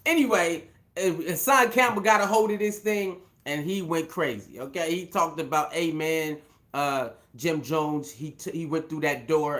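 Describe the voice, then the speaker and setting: A man with a fairly high speaking voice talks through the news in a loose, rambling way. He restarts his sentences, repeats words and leans on fillers, and lets out a chuckle now and then as the host of his own commentary show. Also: a bit bright. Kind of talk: casual commentary.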